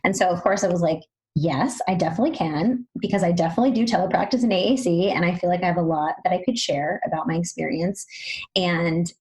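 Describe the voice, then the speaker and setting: A woman speech-language pathologist co-hosting a podcast, chatting quickly and animatedly with lots of "you know"s. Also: on the low side, fairly even intonation, darkish tone, poor audio. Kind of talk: casual podcast chat.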